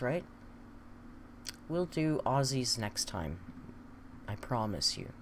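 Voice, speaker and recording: A woman's voice: low voice, slight background noise. A woman hosting a casual live stream, chatting playfully and cooing at her pet between remarks to viewers. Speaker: livestream host.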